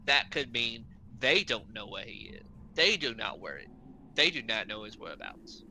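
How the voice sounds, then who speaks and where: A man's voice: mid-range voice, sing-song, moderate pace, bright, forceful tone, slight background noise, low-quality recording. A man playing a tabletop game online, thinking aloud and often restarting his sentences. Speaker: player. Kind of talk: casual tabletop game chat.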